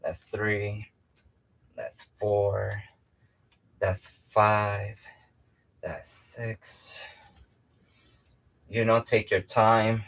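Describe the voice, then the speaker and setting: A young man walks through his home workout in a loose, rambling way, full of fillers. His voice sits slightly low, and he counts each rep out loud as he goes, sometimes a little winded. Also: level tone, extremely slow, vocal fry, pauses often. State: out of breath at times. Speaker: fitness vlogger. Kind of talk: casual workout demonstration.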